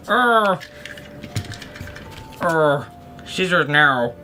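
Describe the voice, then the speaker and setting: A man's voice: a little high, lively intonation, takes it slowly, background noise. A man live-streaming while he crafts, rambling in goofy, playful self-talk with lots of little asides. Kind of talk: casual livestream chatter while crafting.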